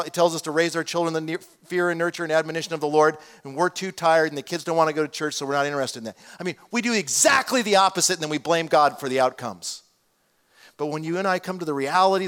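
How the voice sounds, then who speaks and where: A middle-aged man preaching a sermon as a pastor, swinging from hushed, low passages to loud exclamations.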